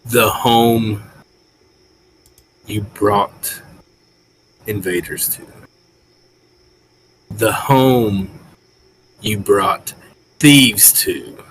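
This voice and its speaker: A man's voice: lowish voice, very slow, long pauses, fairly bright tone, slight background noise, low-quality recording. A man voicing a stern male giant guard who speaks in short, accusing sentences.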